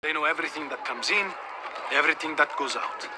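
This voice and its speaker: A man's voice: a little high, fairly even intonation, quick pace, a crowd in the background, background noise, lightly acted. An actor playing a commanding adult male mafioso in a video game, giving firm orders.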